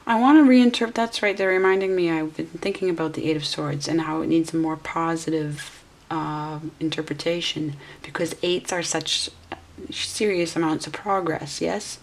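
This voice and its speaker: A woman's voice: sits low, level tone, normal speed, gravelly. A woman in her forties giving a casual tarot reading, musing aloud and correcting herself as she goes. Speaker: tarot reader.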